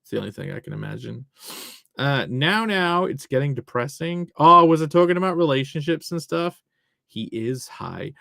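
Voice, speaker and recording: A man rambles through a live stream, reading viewer messages and joking as he goes. His voice sits a bit high and swings a lot in pitch, with a gravelly edge. The sound is dry and close. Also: very animated, normal speed, fairly bright tone, no room sound. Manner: rambling, jokey, swears freely.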